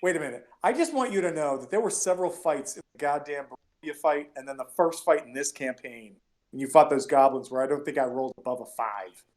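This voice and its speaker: A man's voice: a little high, fast, darkish tone. A man narrating as game master of a tabletop game, chatty and rambling with many fillers.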